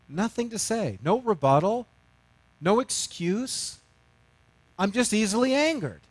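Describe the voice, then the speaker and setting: A middle-aged male pastor telling a story in a sermon, self-mocking and animated, swinging from loud to hushed. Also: sits high, a little slow, pauses often, no echo.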